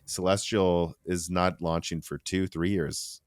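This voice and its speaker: A man with a deep, low voice hosts a casual tech podcast. He talks in an animated, rambling way, restarting sentences and adding asides. The sound is close and dry, with no room behind it. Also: unhurried, smooth, no room sound. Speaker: podcast host.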